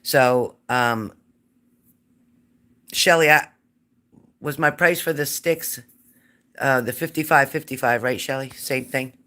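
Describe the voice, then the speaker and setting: A woman's voice: rumbling low, slow, long pauses, a bit bright. A woman hosting a live psychic reading stream, chatting casually and greeting viewers by name.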